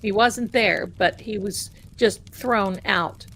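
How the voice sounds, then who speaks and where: A woman with a Boston accent hosting a tarot livestream, talking in a casual, animated and sarcastic way and repeating phrases for emphasis. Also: mid-range voice, takes it slowly.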